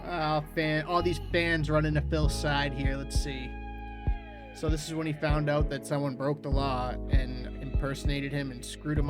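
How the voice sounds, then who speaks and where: A man giving mocking reaction commentary over a clip, sneering at the person on screen. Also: on the high side. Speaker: reaction streamer.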